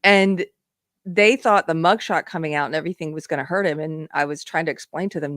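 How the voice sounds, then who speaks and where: A woman's voice: sits low, a little fast, a bit bright, no room sound, studio quality. A middle-aged woman hosting a live political commentary stream, talking casually and sarcastically, often laughing.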